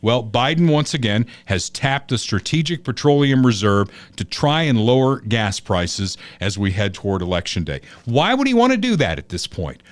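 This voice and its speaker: A man's voice: medium pitch, big pitch swings, moderate pace, few pauses, dry recording. A man hosts a political talk show in an easy, storytelling way. His voice sits in a middle range and is recorded dry and close, with no room sound. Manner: chatty, storytelling, opinionated. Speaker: podcast host.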